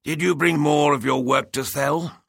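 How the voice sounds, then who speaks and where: A man's voice: on the high side, fairly even intonation, measured pace, creaky, fairly bright tone, breathy edge, no room sound, studio quality, voice pushed up, exaggerated voice. A man voicing an old male art shopkeeper who lisps and coaxes eagerly. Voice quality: lisping.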